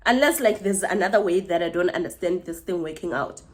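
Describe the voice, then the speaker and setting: A woman's voice: lowish voice, a little fast. A young woman telling an indignant storytime vlog. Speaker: vlogger.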